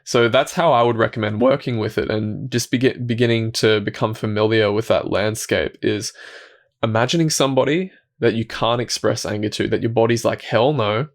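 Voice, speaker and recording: Man, lowish voice, self-help talk, calm, gentle, thoughtful restarts, soft quiet asides. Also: brisk. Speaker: self-help video host. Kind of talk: reflective talk to camera.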